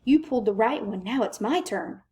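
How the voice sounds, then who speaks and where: A woman's voice: a little high, expressive, moderate pace, mellow, close to an everyday voice. A woman reading aloud, voicing a small talking pigtail that coaxes and pleads. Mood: wheedling. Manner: wheedling, pleading.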